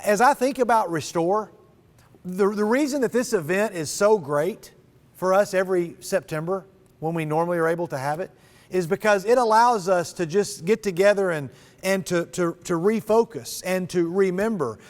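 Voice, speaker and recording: A man giving a sermon to students, animated and dramatic when he reads scripture aloud. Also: high-pitched, moderate pace. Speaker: speaker at a student event. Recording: long reverb of a large hall.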